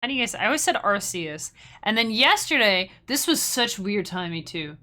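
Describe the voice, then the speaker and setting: A woman's voice: mid-range voice, sing-song, normal speed, pushed and bright. A woman streamer and musician chatting casually with her viewers, rambling and restarting her sentences, laughing often. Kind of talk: casual livestream chat with viewers.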